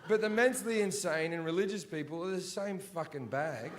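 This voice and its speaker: A man's voice: fairly high pitch, fairly quick, background noise. A male stand-up comedian doing a blunt, profane, sardonic set on a live stage. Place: live comedy venue before an audience.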